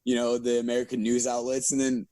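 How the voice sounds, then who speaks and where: A man's voice: medium pitch, monotone, quick pace, mellow, dry recording. A man hosting a podcast, chatting casually and telling rambling stories, often through laughter. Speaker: podcast host. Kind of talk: casual chat.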